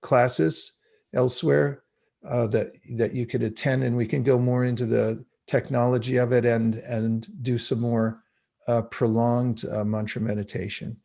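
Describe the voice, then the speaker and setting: A male teacher speaks reflectively in an online spiritual class on video call, chanting mantras slowly for listeners to repeat. His mid-range voice is level and creaky with a warm tone.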